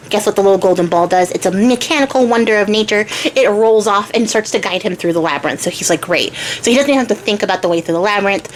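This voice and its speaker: A woman's voice: medium pitch, a little hiss or hum. Chatty young woman retelling a myth. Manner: chatty, slangy, self-interrupting. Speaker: craft channel host.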